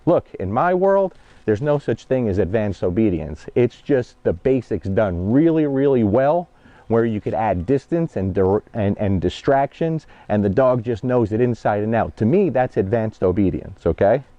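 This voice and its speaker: A man's voice: on the low side, expressive, moderate pace, warm tone, no room sound. Blunt New man coaching dog handling. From New Jersey, USA. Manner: direct, conversational, keeps checking in with "okay?" and "guys". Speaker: dog trainer. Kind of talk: instructional vlog while training a dog. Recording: dull, muffled lo-fi mic.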